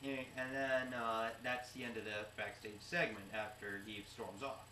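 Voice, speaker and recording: A man co-hosting a casual recap show, retelling events step by step with many "uh" pauses and a mock-stern streak. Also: on the low side, fairly even intonation, bright, forceful tone. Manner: mock-stern about professionalism. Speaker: co-host of a wrestling recap show. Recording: roomy amateur recording with distant mic and faint noise.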